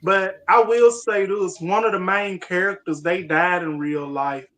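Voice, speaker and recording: A woman's voice: on the low side, unhurried. A woman chatting casually on a live video call, telling stories in a loose, slangy way with lots of laughter. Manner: laughing, animated storyteller, slangy. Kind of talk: casual chat.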